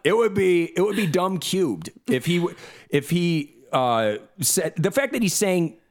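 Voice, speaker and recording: A man co-hosting a podcast, ranting in an animated, profane way with bursts of laughter. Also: high-pitched, unhurried. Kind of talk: casual comedic chat.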